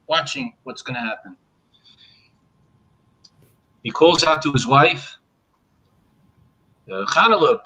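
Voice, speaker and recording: A man's voice: fairly high pitch, poor audio. A man telling a traditional folk tale on a live online panel, acting out the characters, then closing with a blessing. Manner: animated storytelling, acting out characters. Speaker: storyteller on a panel.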